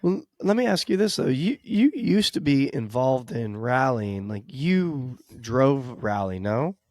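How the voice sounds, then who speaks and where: An American man hosting a casual podcast. He talks in a loose, easygoing way, often breaking into laughter and asking questions. His voice is mid-pitched and recorded close and dry. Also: very animated, a little slow, a little mellow, no room sound. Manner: laid-back, laughs often, asks questions. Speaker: podcast host. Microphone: studio microphone.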